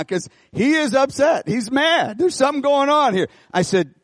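A middle-aged man pastoring a church, preaching an animated sermon, folksy and full of repeated phrases as he tells a story. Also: extremely high pitch, measured pace, hardly any pauses, no room sound, clean studio sound. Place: church auditorium.

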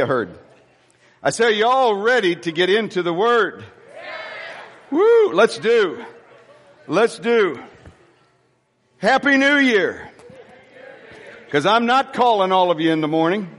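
A pastor preaching a live sermon to his congregation, exuberant and prone to shouting, with joking asides between the preaching. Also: high voice, big-room sound. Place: church sanctuary before a congregation. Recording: music audible under voice.

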